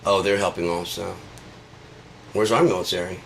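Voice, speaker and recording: A man's voice: deep voice, fairly even intonation, moderate pace, gravelly, slight background noise. A man delivering a sarcastic, profane comedic rant.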